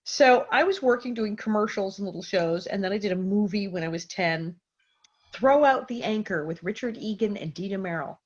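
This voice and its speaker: Middle-aged woman guest, husky and breathy, lively anecdote teller; dull lo-fi interview audio. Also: medium pitch, normal speed. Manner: lively anecdotal, acts out quotes. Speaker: interview guest, former child actress. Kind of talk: casual interview storytelling.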